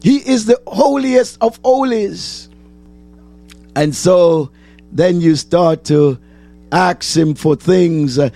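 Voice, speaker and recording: A man with a high, gravelly voice preaches a sermon in which he questions the congregation and answers them, repeats phrases, and works up to shouts.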